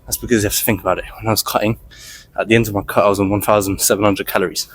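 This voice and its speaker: A man's voice: lowish voice, fairly even intonation, rapid-fire. A man talking casually to the camera while walking on a gym treadmill, a little out of breath, rambling with many fillers. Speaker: fitness vlogger.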